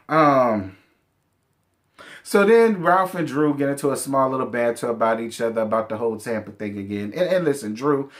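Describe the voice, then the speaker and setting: Sassy, blunt man recapping reality TV. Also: medium pitch. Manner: sassy, blunt, profane, addresses cast members directly. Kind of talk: casual reality show recap commentary.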